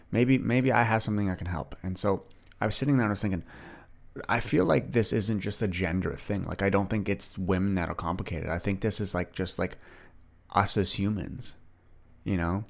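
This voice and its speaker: A young man hosting a solo podcast, talking casually and rambling with many restarts. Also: sits low. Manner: rambling, chatty, frequent restarts and "like". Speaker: podcast host.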